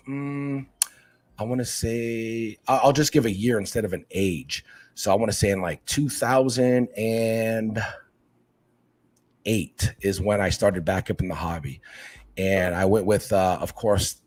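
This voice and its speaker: A middle-aged man from Hawaii telling casual stories about his life, animated and acting out what his family said. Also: fairly low pitch. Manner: animated, acts out family quotes. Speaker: podcast guest. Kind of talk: casual storytelling chat.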